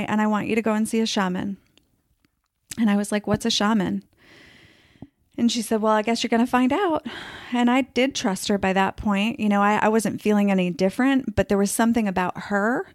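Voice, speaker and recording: A woman's voice: fairly high pitch, no room sound, clean studio sound. A woman telling her personal story in a casual podcast interview, chatty and full of fillers, sometimes acting out what others said. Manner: chatty, many fillers, acts out quoted voices.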